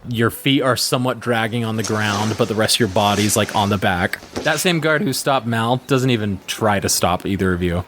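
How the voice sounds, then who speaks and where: A man narrating as the game master of a tabletop game, describing scenes in a relaxed way with frequent fillers. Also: on the low side, moderate pace, hardly any pauses, noisy background.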